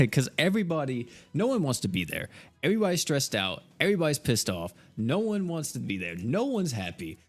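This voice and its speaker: A man's voice: medium pitch, huge pitch swings, fairly quick. An American man in his twenties, a game streamer telling a story in casual chat, exasperated, swearing freely and laughing as he goes. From United States. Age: 20s.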